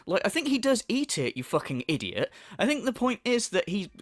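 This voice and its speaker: A man's voice: high-pitched, very animated, normal speed, hardly any pauses, fairly bright tone, dry recording, clean studio sound. A man ranting in a mocking, profane reaction commentary. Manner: mocking, sweary rant.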